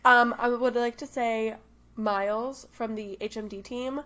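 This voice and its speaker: A woman's voice: on the high side, fairly even intonation, measured pace, bright, forceful tone. A young woman co-hosting a podcast, chatting casually in an upbeat, gushing way. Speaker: podcast co-host. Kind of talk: casual chat.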